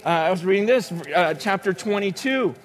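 A man preaching a sermon, telling stories with acted-out voices and sudden shouts. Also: high-pitched, lively intonation, moderate pace. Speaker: pastor.

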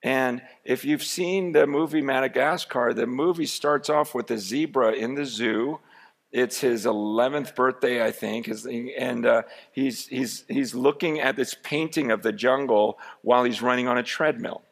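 Gravelly, conversational male preacher. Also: medium pitch, a little slow. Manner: conversational, anecdotal, many restarts. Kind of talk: sermon storytelling.

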